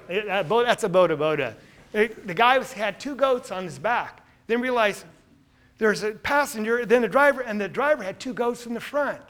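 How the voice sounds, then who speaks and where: A man, a missionary speaker, tells stories from his trips over photos with earnest feeling that turns lively. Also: sits high, normal speed. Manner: earnest, turning lively and laughing in anecdotes. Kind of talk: storytelling slide presentation.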